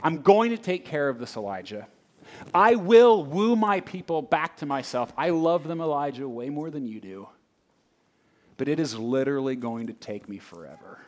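A patient, plain-spoken God, voiced by a preacher in a sermon. He explains things in a casual, reassuring, matter-of-fact way. The voice sits somewhat high and moves a lot. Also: animated, normal speed, lightly acted.

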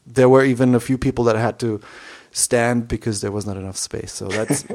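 A man's voice: mid-range voice, fairly even intonation, brisk, a little mellow. A man co-hosting a podcast in casual chat, eager and enthusiastic, often restarting his sentences. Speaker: podcast co-host.

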